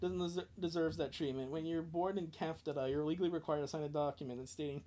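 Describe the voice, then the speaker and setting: A woman's voice: low-pitched, fairly even intonation, quick pace, warm tone. A young woman hosting a fan comic reading, giggling often and swearing bluntly as she comments.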